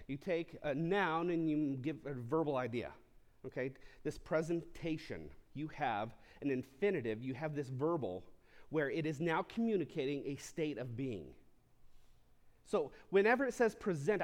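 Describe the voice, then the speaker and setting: A man preaches to his congregation, his voice sitting a little high for a man. He teaches through the text in a conversational way, stopping for casual asides and questions to the listeners. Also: darkish tone. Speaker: pastor. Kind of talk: sermon.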